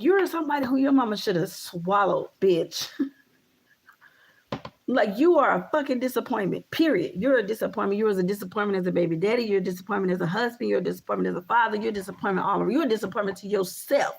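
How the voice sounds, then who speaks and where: A woman's voice: medium pitch, creaky, breathy edge. Emphatic, profane woman vlogger. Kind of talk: casual vlog rant.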